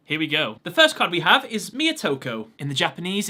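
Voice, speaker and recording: A man's voice: high voice, wildly swooping pitch, normal speed, bright, forceful tone. A man hosting a casual video, reading things out with enthusiasm and laughing often. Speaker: video host.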